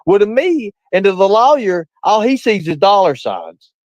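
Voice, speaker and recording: His voice sits high and has a sing-song quality as he rants at a moderate pace, calling in to a live stream. Blunt and defensive, he curses freely and repeats himself to drive points home. The sound has no echo but comes across dull.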